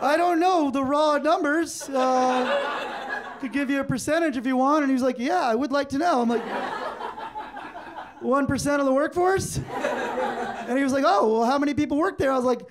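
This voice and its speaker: On a club stage in front of a live crowd, a forties-aged man with a very high-pitched voice performs stand-up at normal speed, leaving long pauses, with background noise present. He tells stories animatedly and acts out the exchanges in them.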